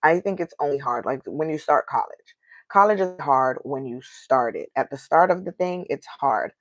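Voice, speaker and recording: In a muffled recording, a woman in her thirties with an African American accent speaks in a low, animated voice at normal speed. She hosts a casual solo podcast, venting candidly and asking rhetorical questions.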